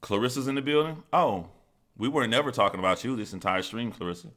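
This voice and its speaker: Swearing live-stream host, bright tense voice. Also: male voice, medium pitch, fast. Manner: profane, rambling, reads out viewer chat. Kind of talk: casual live-stream storytelling.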